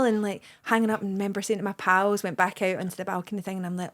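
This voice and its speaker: A woman's voice: medium pitch, fairly even intonation, fast, hardly any pauses. A Scottish woman in her forties, a comedian guest, telling rambling anecdotes in casual podcast chat with many restarts.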